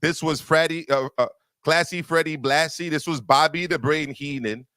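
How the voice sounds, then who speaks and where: A man debating boxing on a panel, his voice sitting a little high and recorded close and dry. He is emphatic and argumentative, and he stacks repeated words when he wants to make a point stick. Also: fairly even intonation, normal speed, sharp tone, smooth, no room sound.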